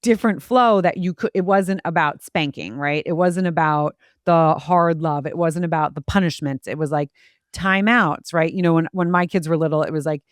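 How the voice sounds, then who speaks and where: A woman's voice: low-pitched, normal speed, dry recording, clean studio sound. A woman in her forties hosting a podcast, telling stories in a chatty way and acting out quotes with a laugh. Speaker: podcast host. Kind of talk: casual conversation.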